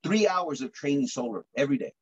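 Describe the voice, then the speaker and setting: A man giving an energetic motivational pep talk on solar sales over a video call, acting out customer chats with lively bursts. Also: a little high, quick pace, breathy edge, lo-fi sound.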